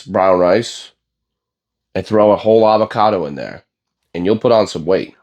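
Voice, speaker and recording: A man's voice: low-pitched, normal speed, a little mellow. A young man on a bodybuilding vlog talking casually, blunt and profane, rambling with lots of fillers. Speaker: bodybuilding vlogger. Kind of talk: casual gym vlog rant.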